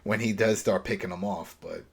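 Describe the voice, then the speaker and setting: Low-voiced man recapping with animated energy. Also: brisk, gravelly, breathy edge. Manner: animated, rambling retelling with restarts. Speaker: podcast co-host. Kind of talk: casual recap discussion.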